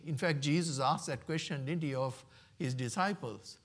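A man's voice: a little high, moderate pace. A man preaching a sermon in church, earnest and emphatic, quoting scripture aloud. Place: church sanctuary.

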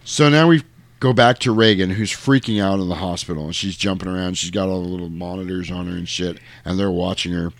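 A man with a fairly low voice chats casually on a podcast, retelling a film scene by scene. He slips into the characters' lines with lively energy. The sound is dry and close. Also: brisk, dry recording. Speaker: podcast co-host recapping a film. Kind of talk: casual chat.

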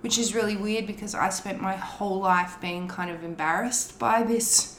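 A woman's voice: mid-range voice, fairly even intonation, normal speed, a bit bright, a little hiss or hum. An Australian woman co-hosting a podcast in casual chat, talking freely with plenty of swearing and explaining her slang. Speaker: podcast co-host. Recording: roomy echo.

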